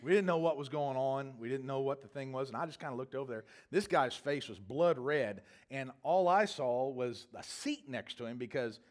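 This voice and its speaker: A man preaching a sermon as a pastor, telling a long, humorous travel story in a rambling, self-correcting way. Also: medium pitch.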